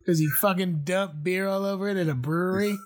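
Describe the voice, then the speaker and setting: A male co-host ribs his friends with profane jokes over a video call. His voice sits a little higher than most men's. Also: steady tone, a little fast. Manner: joking and profane. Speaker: podcast co-host. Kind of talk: casual chat. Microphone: video chat.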